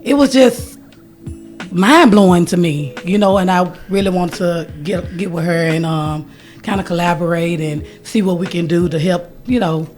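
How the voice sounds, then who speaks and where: A woman's voice: on the low side, steady tone, normal speed, darkish tone. A woman minister talks as a guest in a radio studio, easygoing and full of "you know"s. Faint music sits behind her voice. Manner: casual, lots of "you know" and "um". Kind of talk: radio interview.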